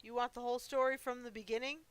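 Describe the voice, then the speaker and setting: A woman's voice: fairly high pitch, little pitch movement, fast talker, smooth, no room sound, pitched above the performer's own voice, close to an everyday voice, rough recording. A woman voicing a lonely, forgetful old male monster in a horror game, who rambles and mocks himself. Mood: chatty. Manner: rambling, self-mocking, talks to himself.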